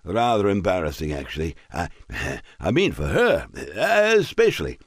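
A man's voice: low voice, huge pitch swings, moderate pace, slightly rough, dry recording, clean studio sound, heavily acted. A man voicing a merry, drunken country squire who slurs and rambles jovially in a raised voice. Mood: tipsy jovial. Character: merry drunk middle-aged Scottish squire.

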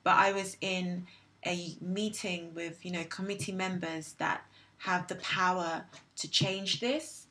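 A woman's voice: lowish voice, steady tone, slow pace, pushed and bright. A young woman from England, hosting a casual discussion and reflecting aloud while searching for her words. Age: young adult. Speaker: host.

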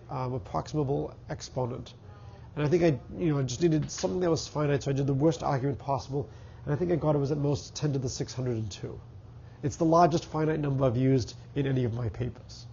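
A man's voice: a little high, a little fast, vocal fry, mellow, muffled recording, slight background noise. A middle-aged man with a Boston accent and a stuffy, congested voice, giving a university math lecture and thinking aloud with fillers and restarts. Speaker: math professor. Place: lecture hall.

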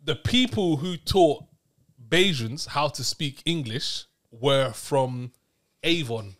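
A man hosting a casual film review podcast, teasing his guest and explaining things in a relaxed way. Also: a little high, slow. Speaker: podcast host. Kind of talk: casual chat.

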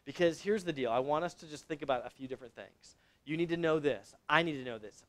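A man preaching a sermon to young adults, telling the story in a casual, conversational way with sudden loud exclamations. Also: a little high, quick pace.

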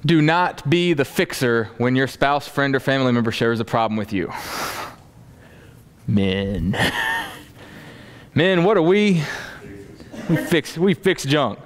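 A man's voice: mid-range voice, huge pitch swings, takes it slowly, long pauses. A man preaching a sermon to a congregation, acting out everyday dialogue as he teaches. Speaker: pastor.

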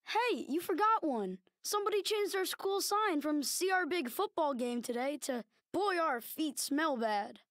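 Narrator voicing a cheeky kid, high pitched, eager, loud, dry audiobook sound. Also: animated, unhurried, hardly any pauses, no echo, full character voice. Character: cheeky young kid interrupting the story.

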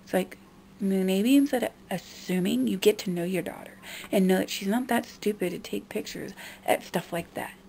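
A woman's voice: moderate pace, gravelly, darkish tone, slight background noise. A young woman vlogger venting in a frustrated monologue about her family. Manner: frustrated, mimicking others in a high nagging voice.

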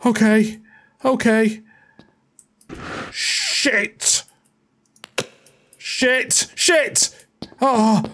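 A woman giving let's play commentary on a horror game, jumpy and swearing, with frightened yelps and shouts. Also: on the high side, extremely slow, pauses often. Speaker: gaming video creator.

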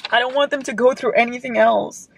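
A woman's voice: fairly high pitch, steady tone, a little fast, gravelly, husky. A young American woman in her twenties, a book vlogger reading aloud and reacting with emotional, gushing outbursts, often crying, in a parked car.

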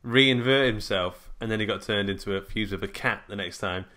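A man's voice: on the low side, brisk, sharp tone. A man, co-hosting a film podcast, recapping the plot playfully and laughing easily. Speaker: podcast co-host. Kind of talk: casual film chat.

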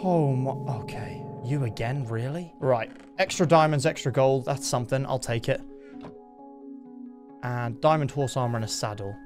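A young man giving excitable, jumpy gameplay commentary, yelping when startled and talking to his horse. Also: medium pitch, normal speed, music in the background. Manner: jumpy, excitable, talks to his horse, sudden yelps of fright. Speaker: gaming YouTuber.

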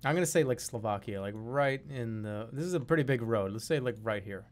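A male streamer riffing over a map-guessing game, wildly expressive in his pitch as he jokes back at his chat. His voice sits at an ordinary, middle pitch. He talks casually and reacts loudly to what he sees. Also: a little fast. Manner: jokey, animated, talks to chat. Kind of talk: casual live-stream commentary.

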